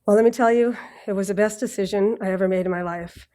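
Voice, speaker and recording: Boston-accent woman reading her grad speech at a podium, kinda nervous, clears her throat, cracks little jokes. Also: medium pitch, steady tone, fast talker. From Massachusetts. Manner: nervous, warm, joking asides, throat-clearing. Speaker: graduate speaker. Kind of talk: prepared speech read at a ceremony. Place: ceremony with live audience.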